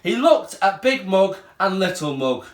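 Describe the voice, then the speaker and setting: A male primary school teacher reading a picture book aloud to children in slow, expressive storytelling. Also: high-pitched. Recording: roomy room echo.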